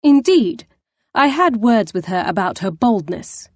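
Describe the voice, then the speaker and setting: A woman's voice: medium pitch, sing-song, unhurried, dry recording. A woman voicing a distraught young woman who is an older sister, tearful and defensive. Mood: upset.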